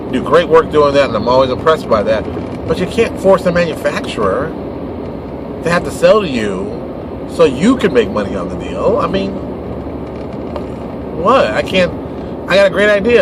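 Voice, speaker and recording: With a high voice, a podcast host who's also a game publisher delivers a casual, animated monologue full of exasperation. He acts out quick mock dialogues while recording outdoors near traffic.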